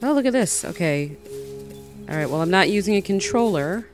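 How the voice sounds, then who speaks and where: A woman's voice: mid-range voice, lively intonation, moderate pace, music in the background. A woman hosting a casual let's play, chatting as she explores a game and squealing when she spots creatures. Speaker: gaming channel host.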